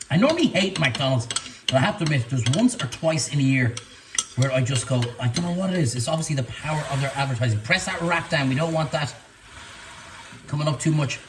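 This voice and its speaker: A man's voice: medium pitch, a little fast, pauses often, noisy background. An Irish man hosting a casual cooking demonstration in his kitchen, chatty and playful, repeating words in a sing-song way. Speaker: cooking show host.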